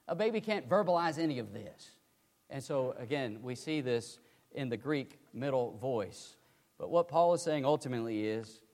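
An older man delivers a sermon in a high voice. He leans hard on key words and falls quiet for asides, with a long hall reverb behind him. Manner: emphatic, rising to loud pleading then dropping to quiet asides. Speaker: preacher.

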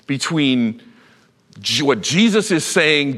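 A male pastor preaching a sermon, telling a Bible story with lively acted-out voices. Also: a little high, unhurried, long reverb tail. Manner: animated storytelling, acts out Bible characters.

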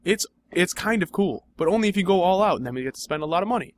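A man's voice: high-pitched, expressive, fast talker. A young man in improvised comedy banter, dry, skeptical and argumentative.

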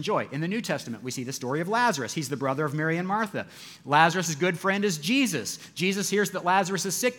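A man delivering a sermon in a slightly high voice. He swings from loud, urgent passages to soft, hushed ones. Between points he drops into easy, chatty asides to the room. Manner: dynamic preaching, rising loud for quoted cries and dropping soft for grief; conversational asides to the congregation. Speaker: pastor.

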